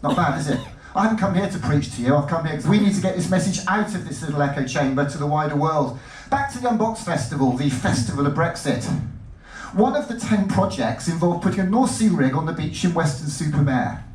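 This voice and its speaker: Excitable male speaker, fairly high voice, stage talk, roomy distant sound. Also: a little fast. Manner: animated, jumpy, self-interrupting. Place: lecture hall. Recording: roomy hall, mic at a distance.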